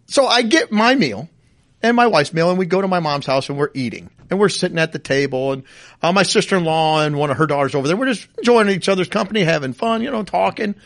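A middle-aged man tells a story on a casual chat show, with a high voice that swings widely. He laughs often and sounds mock-outraged. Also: animated, fast talker. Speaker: podcast co-host.

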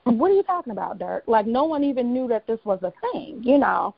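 This podcast co-host is a woman whose voice is a little high, with big pitch swings, a brisk pace and a creaky, husky quality, and no echo. She has a Southern US accent and keeps the chat casual, chatty and laughing, full of "you know." It sounds like a dull lo-fi home recording with a fan humming.

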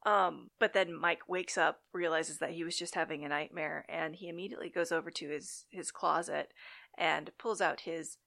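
A woman's voice: low voice, steady tone, moderate pace, creaky, fairly bright tone. A woman chatting casually and dramatically as she recaps a TV episode, with wry asides.

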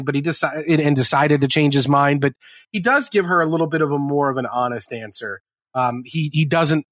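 A man's voice: on the high side, no echo, studio quality. A man co-hosting a podcast, chatting casually about a TV episode and acting out character lines. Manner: conversational, acts out character lines in quotes. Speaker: podcast co-host.

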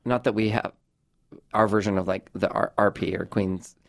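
Chatty Southern Californian podcast host. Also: male voice, fairly low pitch, steady tone, normal speed, creaky. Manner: chatty, self-deprecating, says "like" a lot. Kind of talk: casual podcast chat.

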